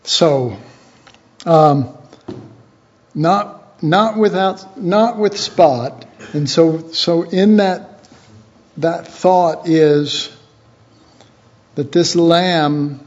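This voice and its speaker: Speaking very slowly with long pauses, a man whose voice sits a little high gives a conversational, informal Bible teaching. He chats his way through it, acting out small imagined exchanges, and the recording is dull and lo-fi.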